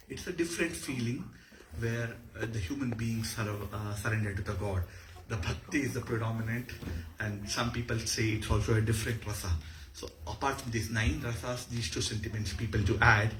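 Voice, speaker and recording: A man's voice: mid-range voice, moderate pace, a little hiss or hum. Indian-accented man lecturing in an echoey hall. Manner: explanatory, animated. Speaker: dance lecturer. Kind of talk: lecture with demonstrations.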